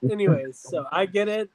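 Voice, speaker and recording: A man in casual chat, excitable and profane, laughing often while telling stories about his cousin. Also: high voice, no echo, rough recording. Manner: excitable, laughs a lot, swears freely.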